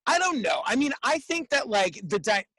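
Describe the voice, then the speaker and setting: A man chatting as a podcast guest, animated and laughing easily, with lots of fillers. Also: very high voice, brisk. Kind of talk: casual chat.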